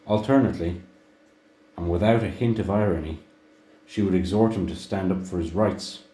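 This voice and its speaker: A man reading a book aloud in a measured way, now and then restarting a phrase. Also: sits low, mellow. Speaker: audiobook reader. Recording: echoey room.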